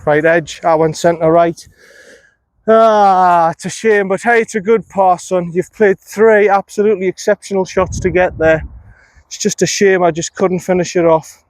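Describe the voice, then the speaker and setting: A man with a high, steady voice speaks at a moderate pace, recorded on a phone camera outdoors on a golf course with no room echo. He's a golf vlogger giving casual, chatty commentary as he plays, talking to himself and swearing mildly and often.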